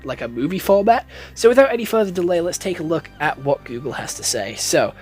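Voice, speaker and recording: A young man talking casually through a film review, with lots of fillers and free swearing. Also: a little high. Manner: chatty, swears freely, many fillers.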